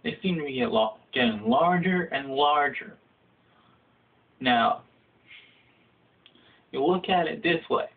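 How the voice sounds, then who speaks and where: A young man rants his way through a comic story, swearing freely and breaking into squeaky yells whenever he acts out a line. The sound is thin and boxy, like it's coming through a phone. He tells it slowly and deliberately, with a fairly high voice. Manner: profane, acts out quotes in a high shouting voice. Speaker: comedic storyteller. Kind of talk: casual comedic rant. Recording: phone-like lo-fi audio.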